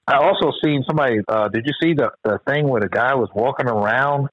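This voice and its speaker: An American man co-hosting a podcast, chatting casually, animated and slangy with lots of swearing. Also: medium pitch, quick pace, dry recording. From United States. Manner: animated, profane, slangy storytelling. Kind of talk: casual chat. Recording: dull, dry, lo-fi sound.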